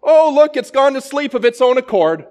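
A man voicing a frightened man who pleads frantically, his voice pushed up high. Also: brisk, close to an everyday voice. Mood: frantic.

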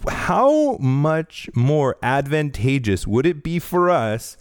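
On his faith-based business podcast, a host with a fairly high-pitched voice talks slowly in a clean tone, captured in a dry, clean studio. Earnest and self-correcting, he often restarts sentences and becomes animated, preaching with growing fervor.

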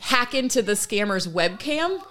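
A woman in her thirties from the United States, co-hosting a podcast and telling stories in a casual, animated way. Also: on the high side, a little slow. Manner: animated storytelling with laughter. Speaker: podcast co-host. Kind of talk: casual chat.

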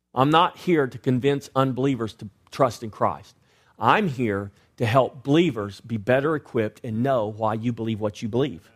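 A male preacher delivering a direct, exhorting sermon to his church. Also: medium pitch. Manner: direct, exhorting, rises louder and quicker when pressing a point.

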